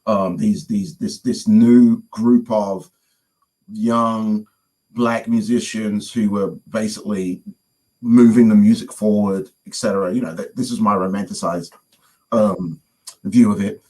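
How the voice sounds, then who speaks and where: A man's voice: lowish voice, a little slow, poor audio. A man from London with a London accent, telling a story in a casual conversation and acting out the voices of the people in it. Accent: London English. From London, England. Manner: animated storyteller, acts out quoted voices. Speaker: guest musician.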